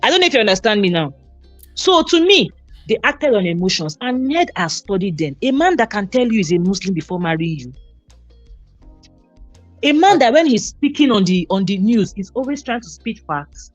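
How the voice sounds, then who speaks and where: A woman's voice: medium pitch, big pitch swings, moderate pace, faint music behind. A woman on a debate panel, explaining her view step by step and checking that she is understood.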